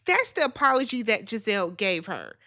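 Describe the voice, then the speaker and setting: Sassy, bright-voiced woman ranting. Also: medium pitch, big pitch swings, fairly quick. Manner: sassy, blunt and profane, swinging into loud squeals. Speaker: recap channel host. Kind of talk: casual reality TV recap rant.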